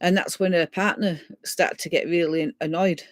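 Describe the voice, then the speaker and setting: A woman's voice: fairly low pitch, steady tone, moderate pace, no room sound. Chatty woman telling a ghost story. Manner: chatty, retells dialogue at length, frequent "so" and "and he said". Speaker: guest sharing a ghost story. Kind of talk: casual spoken storytelling.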